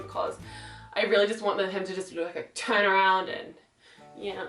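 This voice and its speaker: A young woman vlogger giving a casual, animated and profane book review, rambling with lots of fillers. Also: mid-range voice. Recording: echoey room, somewhat far from mic, faint music.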